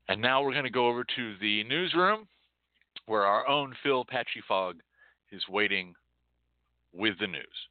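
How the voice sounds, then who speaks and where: A man hosting a show in an impassioned monologue, swinging from loud outbursts to hushed, near-whispered dread. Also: medium pitch, animated, unhurried, pauses often, no echo. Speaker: show host. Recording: tinny phone-like audio, dry.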